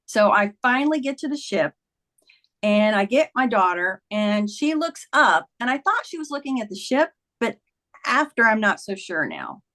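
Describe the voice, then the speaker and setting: A woman's voice: a little high, very animated, moderate pace, fairly bright tone. A woman guest in an interview, telling a personal story in earnest and acting out the dialogue of the people in it. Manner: vivid retelling that acts out quoted dialogue. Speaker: guest, author.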